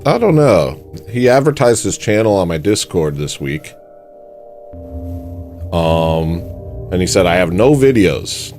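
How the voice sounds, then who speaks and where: Lively low-voiced man rambling on a stream. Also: slow, long pauses, soft background music. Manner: rambling, self-mocking, swings between mock panic and mumbling. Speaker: livestream host. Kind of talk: casual comedic livestream chat.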